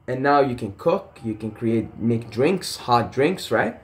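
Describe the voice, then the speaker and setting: A man's voice: mid-range voice, animated, measured pace, hardly any pauses. A young man talking casually to camera in a passionate, rambling rant full of swearing and tangents. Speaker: vlogger.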